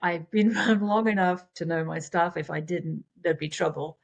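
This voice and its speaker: A woman's voice: fairly low pitch, moderate pace, vocal fry, rough recording. Earnest woman coach explaining her approach. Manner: earnest, explanatory, acts out quoted exchanges. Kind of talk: casual podcast conversation.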